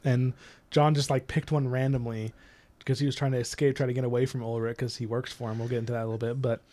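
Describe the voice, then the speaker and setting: A man's voice: mid-range voice, little pitch movement, fast, mellow, no echo. Laughing man recapping a book. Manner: laughs often, acts out characters' lines. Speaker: podcast co-host. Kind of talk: casual book discussion.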